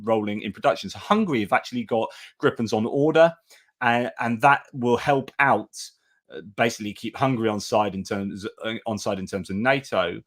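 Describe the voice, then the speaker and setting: A man's voice: lowish voice, fairly quick. A man hosting a casual news commentary stream, talking chattily with restarts and asides. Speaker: host.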